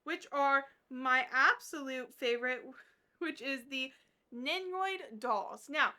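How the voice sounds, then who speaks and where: A woman's voice: high voice, slow pace, bright, forceful tone. A woman vlogging to camera in a casual, gushing way, with plenty of fillers as she shows off her collection. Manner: bubbly, gushing, filler-heavy.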